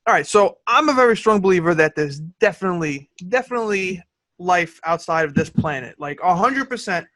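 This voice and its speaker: Male podcast host, crisp bright tone, dry studio sound, eager interviewer. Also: high-pitched, lively intonation, brisk, dry recording.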